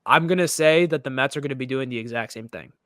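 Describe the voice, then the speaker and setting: A man's voice: medium pitch, quick pace, a bit bright, clear, resonant tone, no echo, clean studio sound. A young man from the United States co-hosting a casual sports chat, opinionated and rambling, often restarting his sentences. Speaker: podcast co-host.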